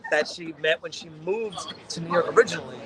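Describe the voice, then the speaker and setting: A man's voice: a little high, quick pace, crowd noise. A man co-hosting a podcast, telling a long story in a casual, profane way and acting out what people said. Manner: animated, profane storytelling with acted-out quotes. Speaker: podcast co-host.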